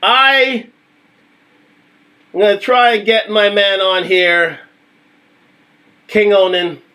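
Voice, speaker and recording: A man's voice: sits high, fairly even intonation, slow pace, bright, forceful tone. A young adult man hosting a casual livestream, talking emphatically and repeating his points. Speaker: livestream host.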